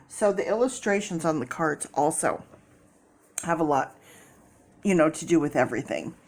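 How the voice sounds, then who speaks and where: Chatty low-voiced woman reading tarot. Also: animated, normal speed, darkish tone. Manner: chatty, rambling, many fillers and restarts. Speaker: tarot reader.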